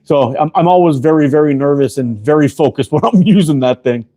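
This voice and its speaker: A man's voice: on the high side, brisk, mellow. Laid-back, foul-mouthed man livestreaming. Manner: laid-back, profane, greets viewers by name. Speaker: livestream host and slingshot maker. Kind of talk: casual livestream chat while woodworking. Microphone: camera close up, leaning in to read chat.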